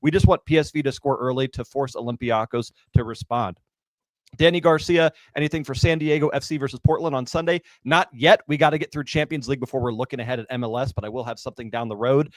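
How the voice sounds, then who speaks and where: A man giving soccer betting picks in a relaxed, hedging way, chatting casually with his panel. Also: mid-range voice, fast, dry recording. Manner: relaxed, hedging, laughs easily. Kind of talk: casual sports betting chat.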